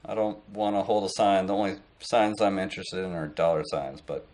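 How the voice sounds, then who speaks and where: A man's voice: low-pitched, a little fast, a little mellow, slight background noise. Rambling man in his late thirties. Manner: rambling, lots of fillers and restarts. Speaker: online business vlogger. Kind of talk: casual talk to camera.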